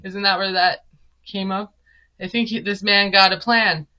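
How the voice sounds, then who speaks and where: Slow-talking bright woman. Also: medium pitch, fairly even intonation, muffled recording. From Minnesota. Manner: chatty, sarcastic, laughs often. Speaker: TV recap vlogger. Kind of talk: casual recap commentary.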